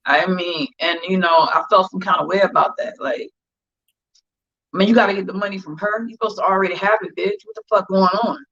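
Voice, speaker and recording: A woman's voice: medium pitch, fairly even intonation, brisk, fairly bright tone. A woman telling a story in casual chat on a livestream, blunt and profane. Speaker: guest. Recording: dull lo-fi livestream audio.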